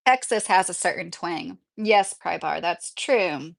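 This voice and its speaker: A woman's voice: on the low side, slow pace, creaky. A woman in her thirties with a slight Midwestern accent, chatting casually on a livestream and answering viewer questions. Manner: chatty, rambling, laughs often.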